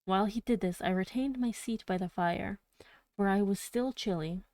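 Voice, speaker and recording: A woman's voice: mid-range voice, normal speed, a little mellow, no echo. A woman streaming a casual live story reading, narrating the text and breaking off into chatty, giggly asides.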